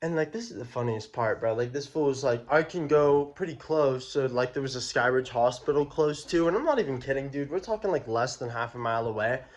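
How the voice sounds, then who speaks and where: A man's voice: medium pitch, a little fast, few pauses, highs cut off. A young man telling a personal story in a casual, slangy, profane way. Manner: slangy, profane, animated retelling. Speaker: vlogger.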